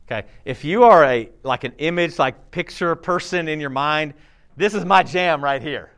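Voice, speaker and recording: A man in his thirties preaching a sermon in a conversational, animated way, acting out quotes and laughing often. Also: fairly high pitch, moderate pace, smooth. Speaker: pastor.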